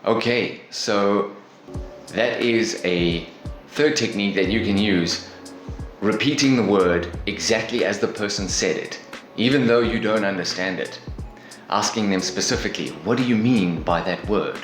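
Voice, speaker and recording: A man calmly explaining ways to ask someone to repeat themselves, in an English lesson. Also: fairly low pitch. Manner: calm, explanatory, measured. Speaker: English teacher. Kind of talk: instructional lesson. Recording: echoey room with faint music.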